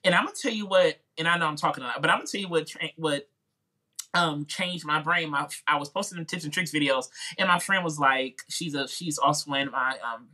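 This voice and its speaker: A man's voice: on the high side, fairly quick, pushed and bright. A man with a Midwestern twang, a music YouTuber chatting informally as a podcast guest and telling his story with lots of "like" and "you know". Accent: Midwestern American. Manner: chatty, informal, acts out quoted voices. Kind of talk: casual interview storytelling.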